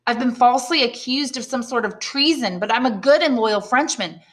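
A woman's voice: fairly high pitch, normal speed, fairly bright tone, voice pushed up, close to an everyday voice. A woman reading the lines of a young male sailor who is falsely accused and desperate, pleading and urgent.

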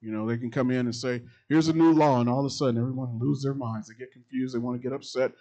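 A middle-aged man, a pastor, preaching a sermon that repeats its phrases and swings between loud and quiet passages. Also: medium pitch, steady tone, quick pace, low-quality recording.

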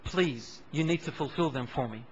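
A male preacher voicing a dying young warrior who speaks softly and tenderly to his uncle. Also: fairly high pitch, lively intonation, moderate pace, highs cut off, a little hiss or hum, voice pushed down. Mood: tender, calm. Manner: soft, hushed, tender.

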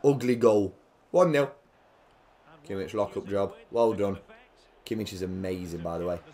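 A young man giving jokey live commentary on a football video game, dropping to quiet play-by-play and then bursting out loudly. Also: on the low side, normal speed. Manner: jokey, swings between quiet play-by-play and loud excited outbursts. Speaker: gaming commentator.

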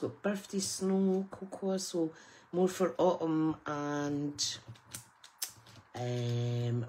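A woman's voice: low voice, a little mellow, a little hiss or hum, poor audio. A middle-aged woman, chatting casually and exclaiming with delight as she unboxes craft gifts. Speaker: craft channel host.

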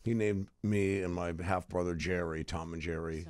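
A man's voice: low voice, fairly even intonation, normal speed. A man in his fifties, a podcast guest telling stories in a laid-back way and swearing a lot. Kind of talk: casual chat.

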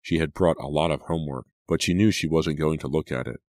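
A man with an extremely deep, low voice reads a horror story aloud, measured and suspenseful. The sound is dry and close, with no room around it. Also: a little mellow, dry recording. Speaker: audiobook narrator. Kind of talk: scripted horror narration.

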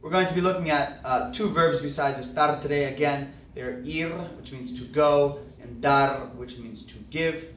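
Brief: male teacher, slightly high voice, patient explainer, recorded from afar in an echoey classroom. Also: moderate pace, few pauses, fairly bright tone. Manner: patient, explanatory, frequent "okay" and "uh". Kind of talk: classroom grammar lecture. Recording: roomy, distant mic, faint background hiss.

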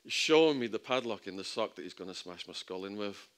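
Low-voiced man telling a story. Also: animated, fast, a bit bright. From England. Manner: vivid storytelling, acting out the quoted voices with big jumps in pitch and volume. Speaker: speaker at a public talk. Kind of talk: storytelling talk.

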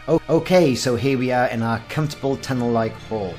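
A man's voice: medium pitch, fairly quick, few pauses, darkish tone, soft background music. A man in his forties hosting a casual game walkthrough, reading the game's text aloud with wry asides. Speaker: gaming channel host.

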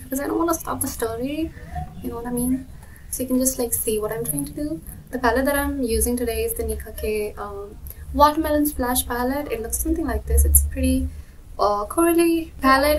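A young woman telling a rambling story time while doing her makeup, full of "like" and lively retelling. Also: sits high, distant mic, a little hiss or hum, rough recording. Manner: rambling, lots of "like", animated retelling. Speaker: beauty vlogger.

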